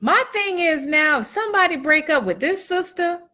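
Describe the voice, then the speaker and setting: A woman's voice: very high voice, lively intonation, moderate pace, sharp tone. A middle-aged woman giving a chatty, earnest motivational talk to a live audience, repeating phrases for emphasis and reading out comments from viewers. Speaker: motivational speaker and event host.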